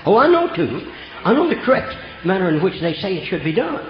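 Folksy old preacher man, lively high voice. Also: fairly quick, faint music behind. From Oklahoma. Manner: homespun, rural grammar, animated. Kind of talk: folksy storytelling sermon. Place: church. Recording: echoey church room, dull lo-fi sound.

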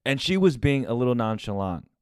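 A man's voice: medium pitch, big pitch swings, a little fast, a little mellow, clear, resonant tone, no echo, clean studio sound. Candid, cursing young man on a podcast. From United States. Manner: candid and confessional, swears often. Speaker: podcast host. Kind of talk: casual podcast monologue.

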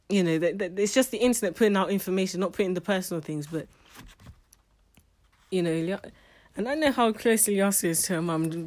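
Woman, casual book review, chatty, emotional, mid-pitched voice. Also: darkish tone. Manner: chatty and emotional, with restarts and laughs.

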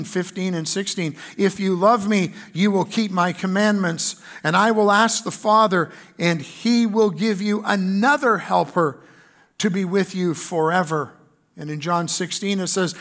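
A pastor with a Canadian accent preaching a sermon in an earnest way, reading scripture aloud with fillers. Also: male voice, sits high, a bit bright.

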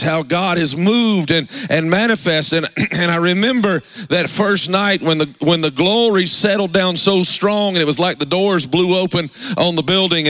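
In a church sanctuary, a pastor preaches a fervent revival sermon, tossing call-and-response asides to the congregation. His voice sits fairly high with a sharp tone, and there's no room sound.

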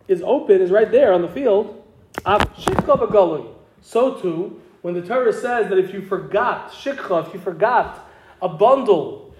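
A man's voice: sits high, dark tone. A man teaching a Talmud class, explaining step by step and asking his students questions. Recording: echoey room with noise.

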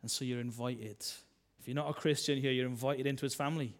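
A man, a minister preaching a sermon in a chatty style, full of tag questions and swings between loud and soft. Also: medium pitch, steady tone, fast.

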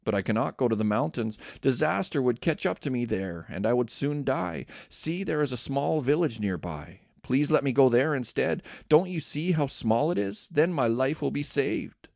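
A man reads an anxious host who pleads and begs with urgency. The tone is gravelly and recorded dry and close. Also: medium pitch, expressive, moderate pace, hardly any pauses, darkish tone, dry recording. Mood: begging. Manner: urgent, begging. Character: anxious hospitable host begging for mercy.

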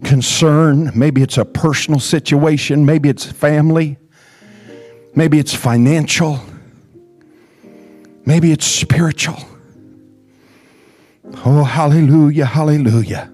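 A male preacher delivering a sermon in a church sanctuary, his voice sitting a little high. He speaks slowly and deliberately, then builds to fervent shouts and calls the congregation to respond. Soft music plays faintly behind him. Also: steady tone. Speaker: pastor.

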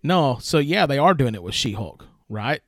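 A man's voice: mid-range voice, animated, normal speed, fairly bright tone, dry recording. A man co-hosting a podcast, arguing his opinions emphatically in casual chat full of "like" fillers. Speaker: podcast co-host.

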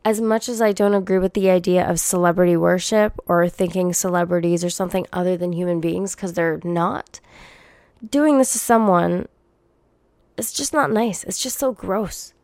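A young woman rants on her solo podcast, blunt and heavy on profanity, her low-pitched voice a little worn from a cold coming on. The sound is dry and close, with no room around it. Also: steady tone, moderate pace, a little mellow, no echo. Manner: blunt, profane, exasperated venting. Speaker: podcast host.

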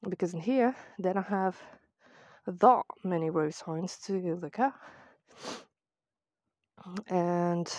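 British woman, lowish voice, casual sweary rant, sarcastic, dry phone memo. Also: darkish tone, no room sound. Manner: ranting, heavy swearing, sarcastic. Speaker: vlogger. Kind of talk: casual voice-memo chat while walking. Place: outdoors on a walk to the seaside.

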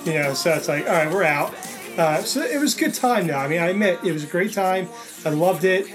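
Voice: medium pitch, expressive, brisk, over music. A co-host in casual chat, recounting the events of a day at length in a conversational way.

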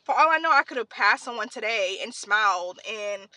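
A woman's voice: a little high, animated, moderate pace, sharp tone. A young woman hosting a podcast, telling a heartfelt personal story in a rambling, casual way while tearful, recorded in a car. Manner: rambling, heartfelt, frequent fillers. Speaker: podcast host.

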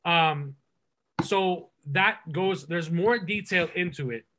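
Bright, high-voiced man chatting about movies. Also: slow. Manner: enthusiastic, rambling with fillers and restarts. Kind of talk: casual movie review chat.

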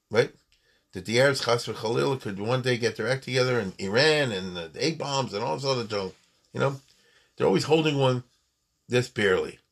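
A man giving an informal Torah lecture on the prophets, talking conversationally with rhetorical questions and Hebrew terms. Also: medium pitch. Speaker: rabbi teaching prophets.

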